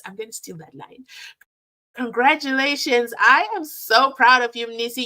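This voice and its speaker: A woman's voice: fairly high pitch, normal speed. A woman hosting a casual live stream, chatting animatedly and reading out viewer comments. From South Africa. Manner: animated, chatty, breaks into sing-song.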